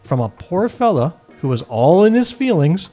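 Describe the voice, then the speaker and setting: A man's voice: high voice, big pitch swings, moderate pace, mellow, faint music behind. A man co-hosting a podcast, chatting casually and wryly. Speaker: podcast co-host.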